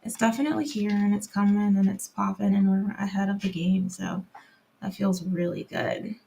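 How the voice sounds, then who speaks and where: A woman's voice: medium pitch, steady tone, normal speed, gravelly, dark tone, a little hiss or hum. A woman chatting as a guest on a casual livestream, upbeat and chatty, laughing often. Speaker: guest, host's partner.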